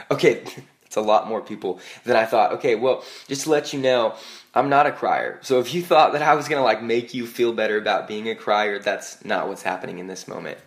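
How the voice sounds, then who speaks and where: A young man preaching a sermon to a church congregation in a conversational way, with frequent "like" and quick restarts, telling self-deprecating stories. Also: on the low side, creaky. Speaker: pastor.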